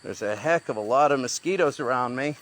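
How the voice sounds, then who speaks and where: Guy talking to his phone on a jungle hike, rambling, mid pitch. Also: animated, fairly quick, a bit bright. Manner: rambling, thinking aloud. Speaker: vlogger. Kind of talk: talking to camera while hiking. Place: outdoors in the jungle. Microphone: handheld phone.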